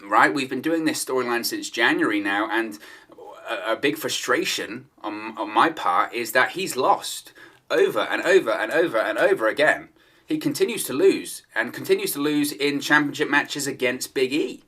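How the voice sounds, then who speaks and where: Guy ranting casually about wrestling news, bright crisp voice, keeps repeating his point. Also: medium pitch, expressive, normal speed. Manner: conversational, repeats points for emphasis. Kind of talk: solo opinion commentary.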